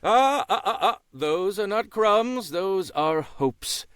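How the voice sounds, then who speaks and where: A man voicing a calm, wise old male crow who speaks in wry, lofty remarks. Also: high-pitched, slow pace, clear, resonant tone, dry recording, clean studio sound, pitched above the performer's own voice, full character voice.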